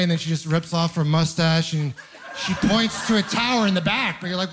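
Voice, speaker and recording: Young male stand-up, somewhat high voice, rambling self-mocking storyteller, live club set. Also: brisk, a crowd in the background, noisy background. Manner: rambling, self-deprecating storytelling with animated asides. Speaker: stand-up comedian. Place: comedy club stage with live audience.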